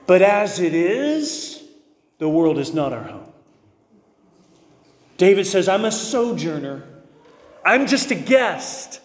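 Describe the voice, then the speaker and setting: A man preaching a sermon as pastor, earnest and emphatic, slowing to stress key phrases. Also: sits high, roomy sound, in a large hall.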